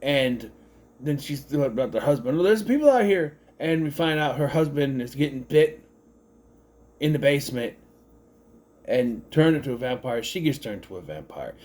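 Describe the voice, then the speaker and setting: A man's voice: medium pitch, moderate pace, long pauses, darkish tone. A man giving a casual spoken movie review, rambling and correcting himself as he thinks aloud.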